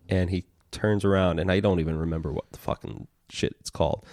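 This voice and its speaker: Deep-voiced man telling a rambling story. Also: steady tone, a little fast, hardly any pauses, a little mellow, no room sound, studio quality. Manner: profane, rambling storyteller acting out quotes. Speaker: podcast co-host. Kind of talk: casual storytelling chat.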